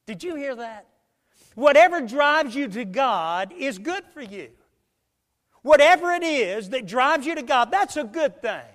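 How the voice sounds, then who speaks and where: A man preaching a sermon as pastor, emphatic, swinging between loud and quiet, speeding up and slowing down. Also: very high voice, expressive, in a large hall. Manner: emphatic preaching with big swings in loudness and pace.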